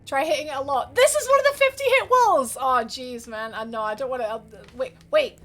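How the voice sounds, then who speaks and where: A woman's voice: high-pitched, lively intonation, fairly quick, fairly bright tone. A young woman livestreaming a game, chatting casually and bubbly, answering her viewers by name and laughing often. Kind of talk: casual live gameplay commentary.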